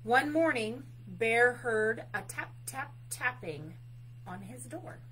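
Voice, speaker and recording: A woman working as a librarian, reading a picture book aloud at story time in an expressive, unhurried way, adding chatty asides. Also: on the high side, slight background noise, rough recording.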